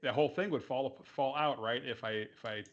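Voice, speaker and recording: Player, man, mid-pitched voice, eager and curious, dull lo-fi mic. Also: fairly quick. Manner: eager, asks many questions. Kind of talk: casual tabletop play.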